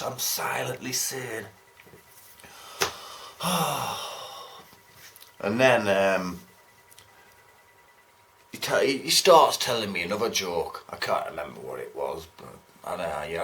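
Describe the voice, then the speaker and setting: A man's voice: fairly low pitch, animated, a little slow, pauses often, a bit bright. A British man telling an exasperated, sweary and sarcastic story about a bus ride. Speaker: vlogger. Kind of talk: ranting anecdote.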